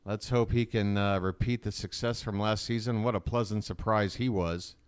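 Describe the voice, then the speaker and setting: A man with a lowish, clean-toned voice speaks at a moderate pace and a steady tone. He hosts a fan livestream, giving casual live play-by-play to his viewers as he watches, chatty and rambling with lots of fillers.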